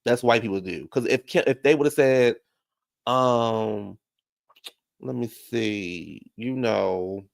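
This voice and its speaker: A man hosting a casual YouTube show, recapping a reality TV episode and talking to his viewers in chat, jumping into animated high voices when he quotes people. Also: vocal fry. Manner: talks back to viewers in chat. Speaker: YouTube reaction show host.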